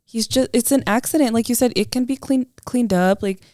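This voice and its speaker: A woman's voice: on the high side, brisk, warm tone, no echo, studio quality. A woman co-hosting a podcast, chatting casually about being a mother and slipping into Spanish phrases mid-sentence. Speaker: podcast co-host; mother of a toddler. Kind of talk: casual chat.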